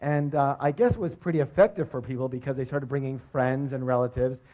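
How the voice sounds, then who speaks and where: A middle-aged man giving a live motivational seminar, energetic and jokey, constantly quizzing his audience on a dull lo-fi recording. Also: medium pitch, fast.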